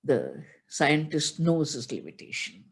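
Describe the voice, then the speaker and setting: A woman's voice: sits low, very animated, measured pace, vocal fry. Older woman spiritual teacher, emotional storytelling sermon, chants scripture. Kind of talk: religious discourse.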